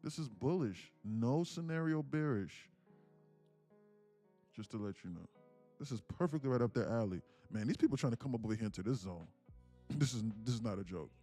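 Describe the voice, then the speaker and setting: A man's voice: medium pitch, animated, brisk, mellow, faint music behind. A man hosting a live day-trading stream, talking in a hyped, preachy way with slang and a stream of rhetorical questions. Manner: slangy, casual street talk. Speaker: day trading livestream host.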